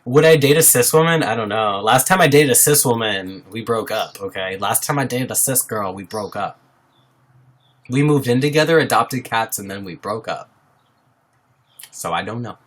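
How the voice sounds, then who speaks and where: A man's voice: medium pitch, moderate pace, fairly bright tone. A man from Iowa chatting casually on a live stream, reading viewer comments aloud and answering them with frequent laughs. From Iowa, USA. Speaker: livestreamer.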